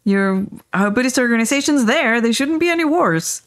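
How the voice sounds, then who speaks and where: Speaking a little high and at a moderate pace, a woman guest who teaches spirituality tells a story in conversation. She's animated, acts out what people said, and keeps checking in with "right?".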